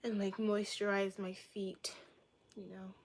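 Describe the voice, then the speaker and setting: A young woman streamer from Boston, in the United States, answers her chat in a casual livestream, her mid-range voice measured and fairly flat in pitch. She's playful and joking, with a crude, teasing streak.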